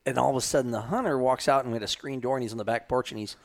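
A man's voice: mid-range voice, rapid-fire. A man casually telling a long story on a podcast, rambling with lots of fillers and restarts. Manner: rambling, many fillers and restarts, laughs often. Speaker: hunting guide telling a story.

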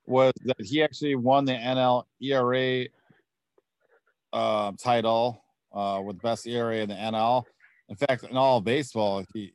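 Measured man with dry, close sound. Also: lowish voice, no room sound. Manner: measured, fills pauses with um and uh. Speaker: podcast co-host. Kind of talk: casual sports chat.

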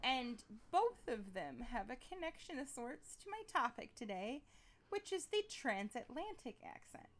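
Lively, animated podcast woman. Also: a little high, unhurried, a little hiss or hum. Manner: animated, laughs easily. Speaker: podcast co-host. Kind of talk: casual chat and presenting a topic.

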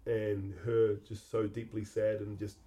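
A middle-aged man hosts a podcast, recalling a personal memory in a halting, reflective manner and often repeating words. His voice sits lowish, with a level, mellow tone.

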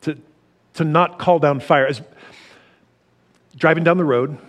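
Middle-aged guy preaching, slightly high voice, lively, laughs a lot, goes loud then soft. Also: a little slow. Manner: animated, laughs often, swings loud to soft. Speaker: pastor. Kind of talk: sermon.

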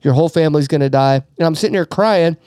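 A man's voice: on the high side, quick pace, warm tone, no room sound, studio quality. Earnest man telling a faith story. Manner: earnest, emotional storytelling with many restarts. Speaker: podcast host. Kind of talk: casual faith talk.

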